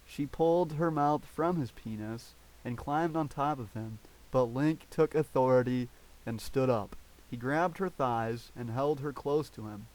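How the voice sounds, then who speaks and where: Guy reading a story out loud deadpan, mid pitch, trying not to laugh. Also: low-quality recording. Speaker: reader of fan fiction. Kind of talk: comic read-aloud.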